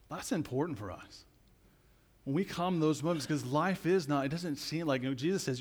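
A man preaching a sermon as pastor, in a conversational way, tagging his points with "right?" and swinging between loud emphatic passages and quiet low asides. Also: animated, normal speed, slightly rough. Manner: conversational preaching with frequent "right?" tag questions.

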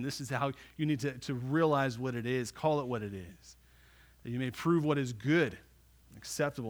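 A man preaching a sermon to a congregation. He swings from loud declarations to soft, drawn-out words and keeps asking "right?". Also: mid-range voice. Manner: asks the congregation "right?" often. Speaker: pastor.

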